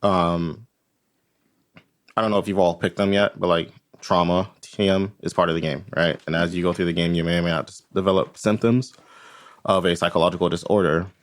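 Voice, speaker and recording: A man's voice: low voice, fairly even intonation, a little fast. A man running a tabletop game as game master, rambling casually and tagging his points with "right?". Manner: rambling, tags lines with "right?".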